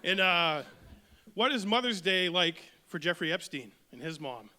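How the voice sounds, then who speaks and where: A male comedian trading quick, dark jokes in stand-up banter on stage. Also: sits high, animated, long reverb tail. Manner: quick dark joking, puts on voices. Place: stage in a reverberant hall.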